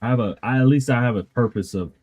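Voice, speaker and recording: A man's voice: medium pitch, fast talker, a little mellow. A man in casual chat on a stream, speaking in an earnest, reflective way. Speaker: guest in chat.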